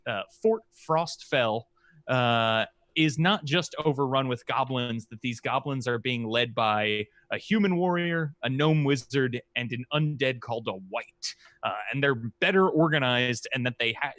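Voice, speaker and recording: Brief: male game master, slow and halting delivery, bright tone, dry close sound. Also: mid-range voice, dry recording. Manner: halting, many "uh" fillers. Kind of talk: recapping and narrating a tabletop game.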